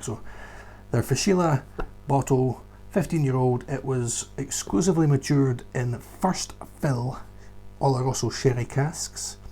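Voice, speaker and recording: A man's voice: mid-range voice, a little mellow, a little hiss or hum. A man working as a whisky tour guide, talking through favourite whiskies in a casual, enthusiastic and emphatic vlog recorded indoors at home. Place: indoors at home beside a shelf.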